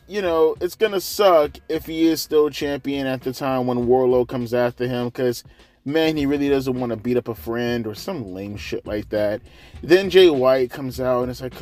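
A man's voice: medium pitch, normal speed, darkish tone, dry recording. A man ranting sarcastically through a wrestling show recap, exasperated and swearing heavily. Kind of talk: profane ranting review.

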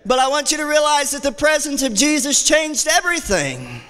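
A man preaching a sermon as associate pastor, with impassioned delivery that repeats phrases and rises to shouts. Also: very high-pitched, animated, moderate pace. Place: church sanctuary. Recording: church hall reverb.

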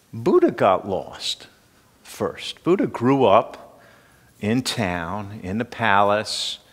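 A man's voice: lowish voice, big-room sound. An older man teaching a class in an informal, conversational way, often asking questions of the room.

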